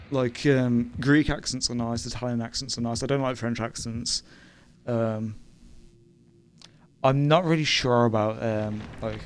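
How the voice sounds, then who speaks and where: A young man with a British accent chatting casually while streaming a game, rambling and hesitant with many fillers and short laughs. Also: mid-range voice. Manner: laughs between remarks. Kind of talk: casual chat while gaming.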